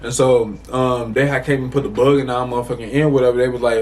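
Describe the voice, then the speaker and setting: A young man from the Chicago area telling a casual storytime to the camera, animated and profane, rambling with many restarts. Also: mid-range voice, quick pace. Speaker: storytime vlogger.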